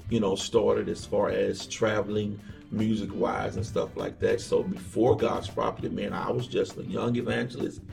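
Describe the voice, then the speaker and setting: Gravelly man telling stories, echoey room. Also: on the low side, moderate pace, distant mic. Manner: relaxed storyteller, acts out quoted voices. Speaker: evangelist guest. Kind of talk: casual interview storytelling. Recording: echoey room, off-mic, faint music.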